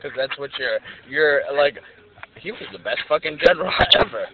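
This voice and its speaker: High, laughing young man. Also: animated, normal speed. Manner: laughing, crude, exclaims 'wow' a lot. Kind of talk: casual chat. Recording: dull lo-fi recording with loud music.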